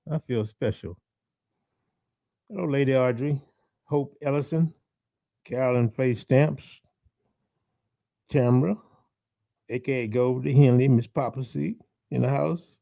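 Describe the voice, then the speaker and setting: A man's voice: mid-range voice, measured pace, vocal fry, pauses often, mellow, no room sound, dull audio. A man hosting a blues and soul show, chatting casually and greeting listeners by name in a rambling way. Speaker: radio show host. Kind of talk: casual live-stream chat.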